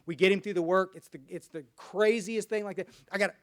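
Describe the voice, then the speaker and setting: A man's voice: high voice, fairly even intonation, fast talker, a bit bright. A man from Dallas, Texas, telling his personal recovery story at a meeting in a folksy, rambling way with many restarts.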